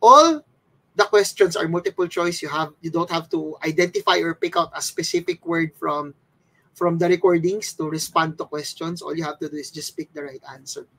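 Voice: medium pitch, normal speed, fairly bright tone, low-quality recording. A test-prep instructor from the Philippines, patiently explaining things step by step as a slide lesson.

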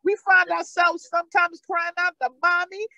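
A woman's voice: very high voice, little pitch movement, normal speed, sharp tone, dry recording, lo-fi sound. A woman pastor with a New York accent, preaching a sermon with fervent, repeated calls.

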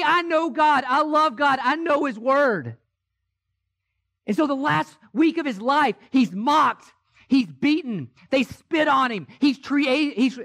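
High-voiced impassioned preaching man. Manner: impassioned, swings from hushed to shouted. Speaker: pastor. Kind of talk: sermon. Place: church sanctuary.

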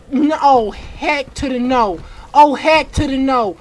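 High-pitched voice, unhurried pace, horror game commentary, panicky, repeats short cries, sudden shouting, casual slang. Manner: casual slang-filled talk. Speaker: gamer.

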